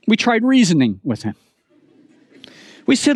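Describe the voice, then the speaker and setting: A middle-aged male pastor preaches a sermon in a storytelling manner, moving from humor to earnest appeals. His voice sits high and swings widely. The sound is dry and close. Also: huge pitch swings, normal speed, pauses often, a little mellow, dry recording.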